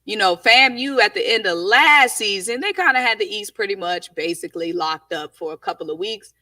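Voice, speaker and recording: Bright, emphatic woman football analyst. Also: medium pitch, expressive, brisk, dry recording, distant mic. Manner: emphatic, plain-spoken. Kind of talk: live sports talk show.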